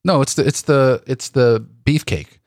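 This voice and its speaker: A man's voice: mid-range voice, a little slow, a little mellow, dry recording, clean studio sound. A man co-hosting a casual photography podcast, thinking aloud with restarts and repeated words. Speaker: podcast co-host. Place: home office.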